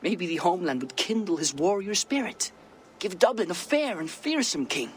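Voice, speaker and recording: An actor playing a cocky, defiant young Viking prince in a video game. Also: male voice, high-pitched, expressive, moderate pace, a little hiss or hum. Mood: earnest. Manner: defiant, boastful.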